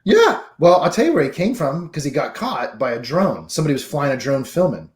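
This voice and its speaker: Man, casual podcast co-host, relaxed slangy storyteller, slightly high voice, echoey room. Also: fairly quick. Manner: laid-back storytelling with slang. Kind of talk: casual chat.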